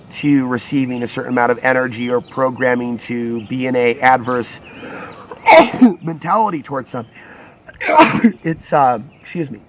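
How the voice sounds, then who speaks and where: A man's voice: medium pitch, animated, normal speed, a little hiss or hum. A man talks alone to his audience in a loose, wandering monologue. He stops and corrects himself often, circling back to repeat and rephrase his points as he goes. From United States. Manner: rambling, restarts and self-corrections. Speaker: alternative media channel host. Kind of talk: solo monologue to camera.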